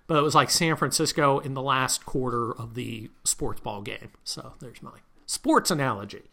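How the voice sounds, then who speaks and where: A man's voice: medium pitch, bright, forceful tone. A man hosting a political talk monologue, combative and sarcastic, heaping insults on his targets. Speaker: political commentary host.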